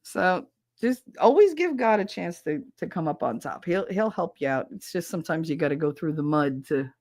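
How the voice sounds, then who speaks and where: A woman in her thirties co-hosting a podcast, telling a gossipy story in casual, profane chat, laughing often and jumping up high to quote people. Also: big pitch swings, moderate pace, darkish tone, no room sound, clean studio sound. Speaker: podcast co-host.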